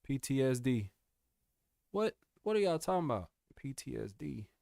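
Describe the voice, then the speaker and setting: A man's voice: medium pitch, very animated, moderate pace, gravelly, mellow, dry recording, studio quality. A young man chatting casually with his live-stream viewers, laid-back and slangy, calling them bro and y'all. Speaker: music producer streamer.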